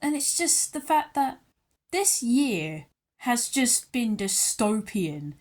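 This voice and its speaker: A young British woman ranting angrily into her channel's camera, sarcastic and worked up, her pitch jumping up and down as she talks. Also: very animated, slow pace, a little mellow. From United Kingdom. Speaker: YouTuber. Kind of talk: ranting vlog commentary.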